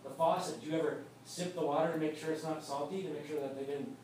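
A man's voice: on the high side, steady tone, fast talker, a little mellow, a little hiss or hum. Pastor guy giving a chatty sermon, big echoey hall, mic kinda far off. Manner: conversational, repeats words when starting a thought.

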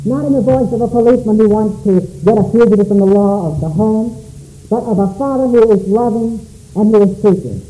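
A man preaching a sermon, his voice high for a man yet dark and mellow, swinging widely up and down as he calls out questions. The church room rings with echo. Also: fairly quick, soft background music. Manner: dramatic preaching, calling out questions. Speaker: pastor.

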